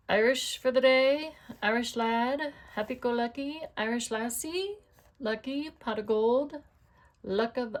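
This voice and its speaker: A middle-aged woman chatting casually while making cards, talking to herself and asking her viewers questions as she works. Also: fairly high pitch. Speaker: card-making crafter. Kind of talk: casual crafting tutorial chat.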